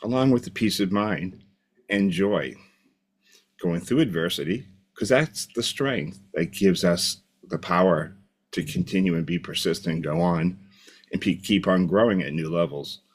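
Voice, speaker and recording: Deep-voiced man giving a motivational talk. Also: moderate pace, slightly rough. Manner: reflective, repeats key phrases, loose and unscripted. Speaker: motivational coach. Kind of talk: motivational video monologue.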